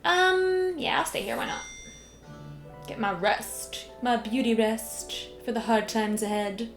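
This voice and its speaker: A young woman streaming a video game, chatting casually and emotionally with lots of fillers and soft laughs. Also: fairly high pitch, fairly even intonation, measured pace. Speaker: gaming streamer. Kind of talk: casual let's-play commentary. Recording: echoey room, game music behind.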